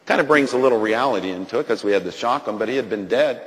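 A man, a doctor, telling a dramatic story on a Christian TV talk show, swinging from hushed lines to loud excited bursts. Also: mid-range voice, fast talker, long reverb tail, low-quality recording. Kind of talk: animated storytelling.

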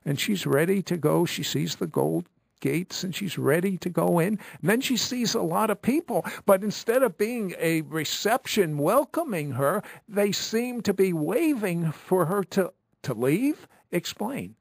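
Gravelly male host, dry sound. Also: high voice, lively intonation, measured pace, no echo. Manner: summarizing, with many "uh" fillers. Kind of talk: interview.

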